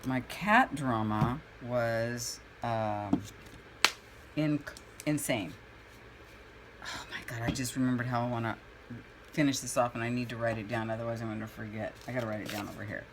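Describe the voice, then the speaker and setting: A woman's voice: very deep voice, moderate pace, noisy background. A woman chatting casually while painting at home, a rambling storyteller who acts out her own reactions. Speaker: crafting vlogger.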